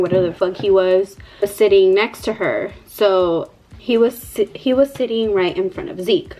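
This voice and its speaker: A woman's voice: mid-range voice, low-quality recording. A young mother telling a casual, profanity-laced vlog story, full of fillers like "like" and "you know.". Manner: chatty, profane, many fillers. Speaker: vlogger, mother.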